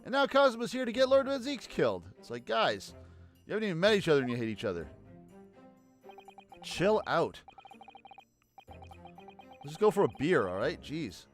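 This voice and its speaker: A man's voice: on the high side, very animated, normal speed, long pauses, faint music behind. A man streaming a game, reading the story and making wry, joking asides as casual commentary. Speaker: let's play streamer.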